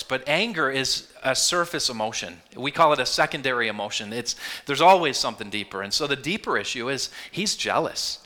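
A man preaching a sermon, telling a Bible story in an earnest, animated way and slipping into quoted voices. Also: on the high side. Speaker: pastor.

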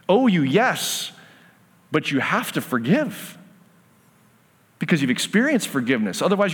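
A man preaching with earnest conviction, slipping into the voices of the people in his story. His voice sits a touch high for a man. A long hall reverb trails after his words. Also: a bit bright, slightly rough. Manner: earnest, acts out the parable's voices. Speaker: pastor. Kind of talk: sermon.

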